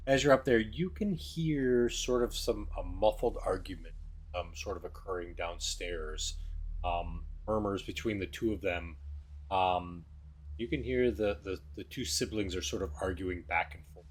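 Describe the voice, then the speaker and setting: Deep-voiced male game master narrating. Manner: loose, descriptive narration.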